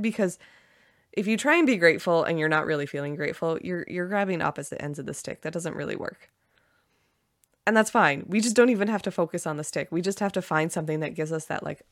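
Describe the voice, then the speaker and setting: A woman with a slightly low voice hosts her own podcast, talking with bright enthusiasm and slipping into excited quoted asides. The sound is dry and close, with no room around it. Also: normal speed, dry recording. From Canada. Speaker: podcast host. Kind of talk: solo podcast talk.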